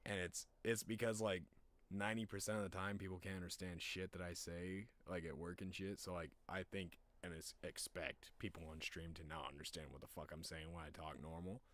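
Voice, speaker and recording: A young man with a very deep voice, chatting casually on a live stream in a rambling, profane, animated way. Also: brisk.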